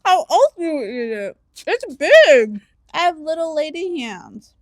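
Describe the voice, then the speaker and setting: High-voiced, playful young woman. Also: sing-song, unhurried, dry recording. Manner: playful, giggly, self-amused. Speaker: podcast co-host. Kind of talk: casual chat.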